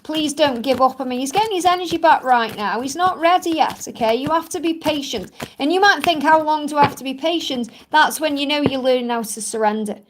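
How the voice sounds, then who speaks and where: A woman's voice: high-pitched, brisk, few pauses, noisy background. A woman doing a live card reading, answering viewers' questions in a soothing way and calling them honey. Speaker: tarot card reader.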